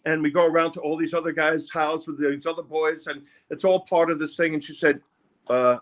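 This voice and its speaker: An older man, telling his life story haltingly in an interview, often repeating words. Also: on the high side, fairly even intonation, a bit bright. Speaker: interview guest, music producer. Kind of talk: candid personal storytelling.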